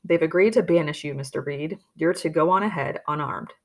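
A woman reading the lines of a sober male pioneer giving grave, practical advice. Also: low-pitched. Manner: measured, advising.

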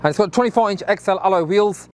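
A man hosting a casual vlog and giving an enthusiastic, rapid rundown of customized cars outside a showroom. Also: high voice, clean tone. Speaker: vlogger showing cars. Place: outdoors by a car showroom, then inside. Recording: music playing behind.

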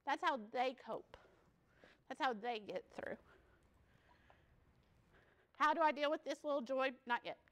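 A woman's voice: high-pitched, measured pace, long pauses. A woman giving a peer support workshop at a conference, chatty and joking, laughing often. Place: conference session room.

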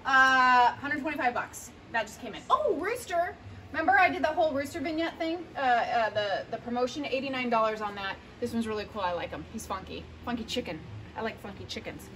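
A woman's voice: fairly high pitch, lively intonation, fairly quick, bright, forceful tone, slight background noise. A woman casually walking through an antique shop, listing prices in a chatty, playful way with jokey asides. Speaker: shop host touring sale items. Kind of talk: casual product walkthrough.

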